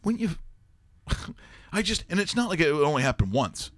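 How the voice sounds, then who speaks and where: A man hosting a sports talk show, telling stories in a rambling, animated way and laughing often. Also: fairly high pitch, moderate pace. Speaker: host.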